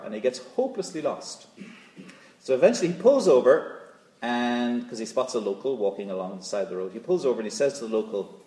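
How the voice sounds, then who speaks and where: A man preaching a sermon, repeating key phrases rhythmically and dropping to a hush for emphasis. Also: fairly low pitch, roomy sound, poor audio. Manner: expressive, rising and dropping to a hush.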